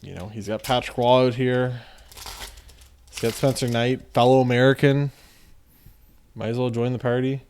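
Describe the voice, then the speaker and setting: A man hosting a card-opening video, chatting casually and joking as he reads off names in quick runs. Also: mid-range voice, steady tone, a little mellow, slight background noise. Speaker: card-opening channel host. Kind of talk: casual commentary while opening card packs.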